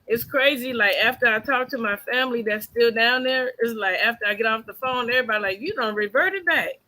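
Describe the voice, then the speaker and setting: Woman, southern us accent, bright tense tone, chatty, bashful. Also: on the high side, steady tone, fast talker, rough recording. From American South. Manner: bashful, laughing. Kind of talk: casual group chat.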